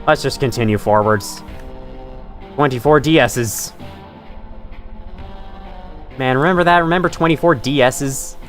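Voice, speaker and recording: This gamer speaks in a mid-range voice at a measured pace, leaving long pauses, while faint music plays behind him. He's streaming live from his room, giving running commentary, chatting with viewers, reading their messages aloud, and cursing whenever he gets frustrated.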